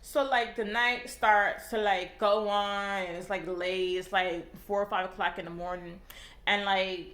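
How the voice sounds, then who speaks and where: Young woman, casual storytime, rambling, swears a lot, mid-pitched voice, echoey room. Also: steady tone, unhurried, fairly bright tone. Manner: rambling, heavy swearing, filler-laden. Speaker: vlogger.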